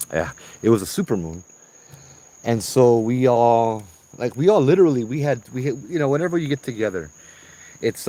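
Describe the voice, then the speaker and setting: A man with a low, mellow voice leads a ghost tour along a trail at night. He tells the stories animatedly, acting out what people said and often restarting his sentences. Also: rough recording. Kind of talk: storytelling on a walking ghost tour.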